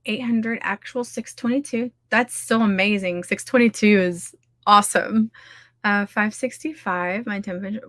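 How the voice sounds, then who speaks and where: A woman's voice: mid-range voice, a bit bright, no room sound, clean studio sound. A woman hosting a casual livestream, chatty and scattered, laughing often as she talks. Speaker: livestream host running writing sprints. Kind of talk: casual chat to a live audience.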